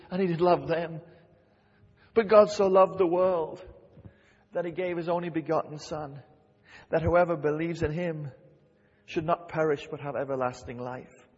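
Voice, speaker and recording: A man's voice: fairly high pitch, a little mellow, breathy edge. A man preaching a sermon with fervor, repeating key phrases and quoting scripture aloud. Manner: impassioned, repeats phrases for emphasis. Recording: lo-fi hall reverb.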